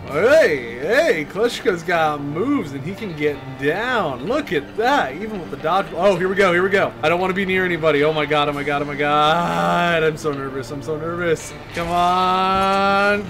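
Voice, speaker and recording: A young man giving excited commentary over a basketball video game, often yelling and laughing during play. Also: high-pitched. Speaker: gaming YouTuber.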